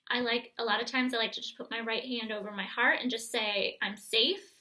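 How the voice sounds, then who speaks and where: A woman coaching viewers through a guided self-help exercise, speaking gently and straight to the viewer. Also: fairly high pitch, steady tone, brisk, low-quality recording.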